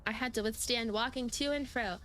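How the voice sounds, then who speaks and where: A woman's voice: a little high, brisk, fairly bright tone, slight background noise, lightly acted. A woman voicing a small talkative parasite creature in a put-on British voice, reading game dialogue aloud. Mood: chatty.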